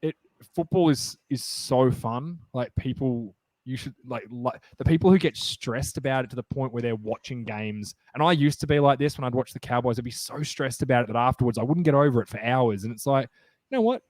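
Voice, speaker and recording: Excitable rambling male podcast host, dry sound. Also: medium pitch, brisk, dry recording. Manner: rambling, excitable, many fillers and restarts. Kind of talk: casual sports chat.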